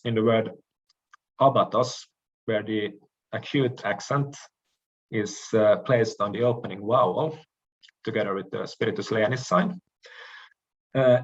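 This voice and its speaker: Male lecturer, slow and measured, hesitant "uh" pauses, muffled lo-fi recording. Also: fairly low pitch, husky. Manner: measured, explanatory, frequent "uh" pauses and restarts. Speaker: language lecturer.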